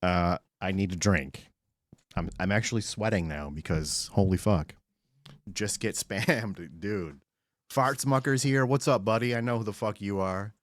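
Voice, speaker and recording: Man, live streamer, excitable and foul-mouthed, lowish voice, greets chat by name. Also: measured pace, no echo.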